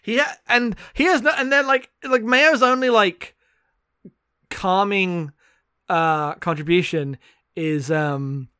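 A man with a fairly high voice talks close to the mic in a dry, dead room. He runs a sarcastic comedic chat about a bad book. He laughs a lot and slips into mock quotes of its characters. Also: takes it slowly, pushed and bright, clear, resonant tone, no room sound. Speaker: podcast co-host. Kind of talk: casual comedic book discussion.

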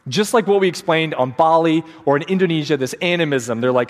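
A man's voice: fairly high pitch, brisk, few pauses. A man preaching a sermon as pastor, storytelling with energy and acting out the quotes in changing voices. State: sleep deprived. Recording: long hall reverb.

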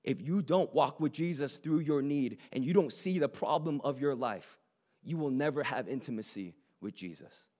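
A man's voice: mid-range voice, lively intonation, normal speed, a little mellow. A man preaching a sermon to a live room, earnest and conversational, with joking asides to the audience.

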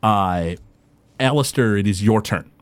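A man running a tabletop game as game master, animated and halting with frequent restarts. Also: on the low side, smooth, no echo.

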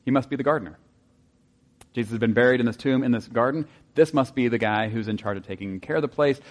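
A man preaching a sermon in a conversational way, asking his listeners rhetorical questions and dropping into soft asides. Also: mid-range voice, fast talker. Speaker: pastor.

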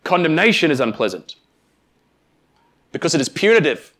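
A man preaching a sermon, speaking emphatically with deliberate pauses and addressing the congregation directly. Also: on the high side, very animated, fairly bright tone. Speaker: pastor.

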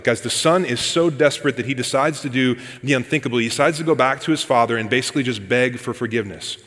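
A man's voice: medium pitch, quick pace, few pauses, a bit bright. Conversational male preacher in a reverberant hall. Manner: conversational storytelling, addresses listeners as "guys". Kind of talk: sermon.

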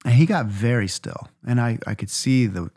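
A man's voice: mid-range voice, lively intonation, moderate pace, darkish tone. A man, co-hosting a reflective faith conversation and telling stories with rhythmic lists. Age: 40s. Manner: earnest, storytelling, lists phrases in rhythm. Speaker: podcast co-host.

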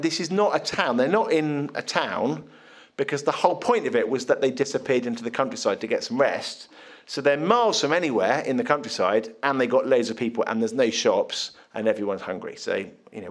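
A man preaching a sermon in a conversational, animated storytelling manner. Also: mid-range voice.

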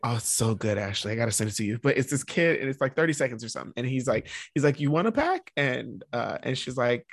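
A man co-hosting a podcast in casual chat, animated, laughing often and acting out quotes. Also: medium pitch, fast, hardly any pauses, dry recording. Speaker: podcast co-host.

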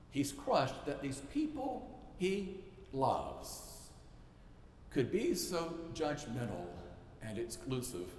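Male pastor, sermon, emphatic, lively pitch, long reverb. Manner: emphatic, repetitive rhetorical build-ups. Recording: echoey church hall, faint noise.

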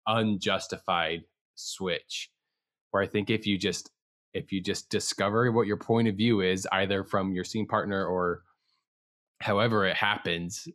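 A man's voice: low-pitched, fairly bright tone. A man, an improviser co-hosting a podcast, talking earnestly and reflectively about improv. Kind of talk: casual chat reviewing an improv show.

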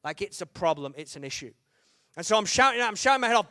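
High-voiced animated preacher man. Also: fast talker, no room sound, clean studio sound. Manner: humorous, animated, shouts and acts out quotes. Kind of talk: storytelling sermon.

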